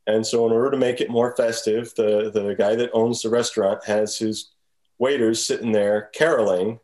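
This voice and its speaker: Animated man retelling a film. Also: fairly low pitch, moderate pace. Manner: animated storyteller who acts out scenes. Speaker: podcast co-host. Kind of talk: casual chat recapping a film.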